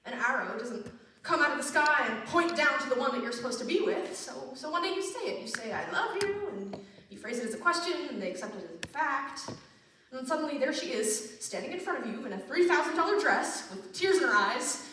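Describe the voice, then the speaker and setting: A woman's voice: high voice, animated, brisk, sharp tone, a little hiss or hum. A woman playing a wistful, middle-aged male musical fan who talks straight to the audience, confiding and rambling, recorded from far off in an echoey theater. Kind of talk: stage monologue.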